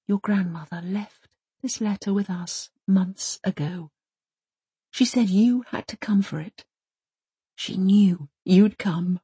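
Lady doing a heartbroken old granny, soft and husky, dry close sound. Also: on the high side, lively intonation, normal speed, hardly any pauses, no room sound, voice pushed up. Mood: tender. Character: elderly woman, grieving and soft-spoken.

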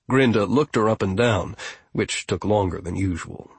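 A male audiobook narrator with a low, husky voice, telling the story in a slow, measured, wry way. The recording is dry and close. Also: animated, dry recording. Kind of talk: scripted narration.

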